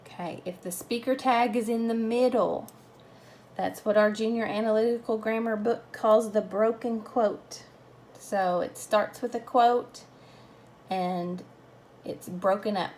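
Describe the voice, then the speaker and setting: A woman giving a grammar lesson at a slow, careful pace. Her voice has a gravelly, creaky edge, and faint noise sits under it. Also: on the high side, steady tone, a little mellow. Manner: slow, patient explaining. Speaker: teacher.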